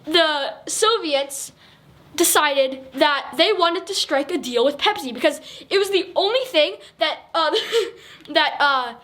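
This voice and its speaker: A woman's voice: sits high, expressive, slow, fairly bright tone. A young woman casually explaining a history story over pictures, rambling, correcting herself and giggling as she goes.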